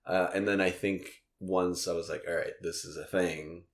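A young man hosting a casual podcast conversation, talking in a relaxed, rambling way with lots of fillers and restarts. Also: deep voice, normal speed. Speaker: podcast host.

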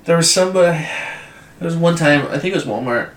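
A man's voice: on the high side, fast, far from the mic. A young man in casual chat, telling rambling, profane stories. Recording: echoey room, off-mic, clear noise.

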